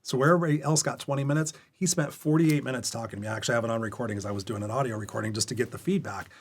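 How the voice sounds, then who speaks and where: A man guesting on a podcast, talking at a rapid clip in a voice that is neither high nor low. He tells his stories with energy and candor. He slips into the other characters' lines as he recounts them. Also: slightly rough. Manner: energetic, candid storyteller who acts out quoted dialogue. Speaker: guest coach. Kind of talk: storytelling interview chat. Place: podcast recording.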